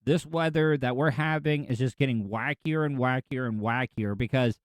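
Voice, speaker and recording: A man's voice: medium pitch, moderate pace, no echo. A man in his forties from Florida, hosting a solo podcast in a rambling, opinionated, conversational way. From Florida, USA. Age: 40s. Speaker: podcast host. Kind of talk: casual solo podcast monologue.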